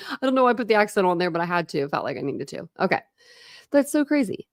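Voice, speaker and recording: With an expressive, medium-pitched voice and a quick pace, a woman reads a book live from her home during a thunderstorm. She keeps pausing to chat, laugh and stumble over hard words. The recording is clean studio sound with no echo.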